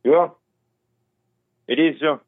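A man's voice: on the high side, slow pace, no room sound. A man calling in by phone, eagerly agreeing and thanking the host. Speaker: caller. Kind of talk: phone call-in chat. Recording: tinny phone line.

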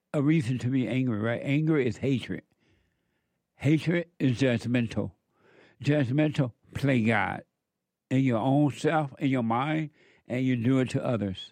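A man's voice: medium pitch, a little mellow, dry recording. A man giving an informal spiritual talk as a counselor, blunt and emphatic, repeating words for stress.

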